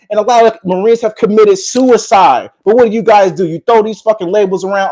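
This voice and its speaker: A man's voice: high-pitched, brisk, few pauses, a little mellow. Combative preachy man, raised voice. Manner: preachy, combative, repeats "all right". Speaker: commentary vlogger. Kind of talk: confrontational monologue mixed with reading prepared text.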